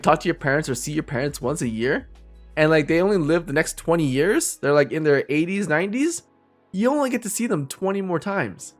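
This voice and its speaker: A man chatting casually and rambling with viewers on a live stream, laughing often. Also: a little high. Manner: rambling, giggly, talks to viewers.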